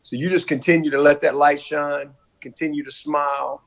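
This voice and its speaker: A man's voice: fairly high pitch, level tone, normal speed. A middle-aged man, a college football coach speaking over a video call, heartfelt, effusive and repetitive. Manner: warm, effusive, repetitive, folksy.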